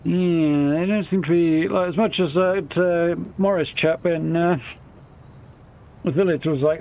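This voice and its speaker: Rambling streamer, slightly high. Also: male voice, a little slow, a little mellow. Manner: casual, rambling, thinks aloud with fillers. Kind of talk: live gameplay commentary.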